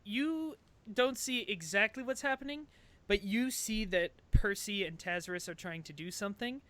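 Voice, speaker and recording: A man's voice: sits high, normal speed, pushed and bright. A man running a tabletop game as game master, who laughs easily as he narrates.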